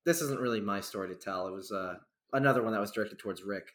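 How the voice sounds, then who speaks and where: A man's voice: fairly low pitch, quick pace, a bit bright, echoey room. A young man from New York, hosting a casual podcast and rambling through a story with plenty of swearing. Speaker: podcast host.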